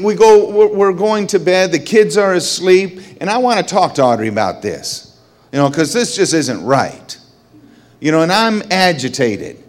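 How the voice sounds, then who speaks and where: A middle-aged man sharing a personal testimony. He tells the story with lots of energy, his voice jumping high when excited and falling low and quiet in the solemn parts.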